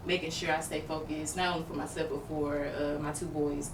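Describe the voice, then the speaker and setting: A woman's voice: sits low, little pitch movement, a little fast. A woman co-hosting a talk show who speaks openly about her struggles, rambling, with lots of fillers. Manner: open, rambling, with many fillers. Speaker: podcast co-host. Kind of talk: candid personal talk. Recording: roomy, far from the mic, noisy background.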